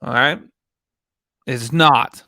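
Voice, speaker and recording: A man's voice: mid-range voice, very slow, creaky, bright, forceful tone, dry recording, studio quality. A tired man hosting a live stream, rambling and swearing as he talks to viewers he calls y'all. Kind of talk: casual live commentary.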